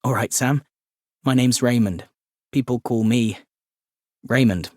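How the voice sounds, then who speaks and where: A man's voice: medium pitch, measured pace, darkish tone, no echo, clean studio sound, close to an everyday voice. A man voicing a polite, apologetic young Englishman. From England.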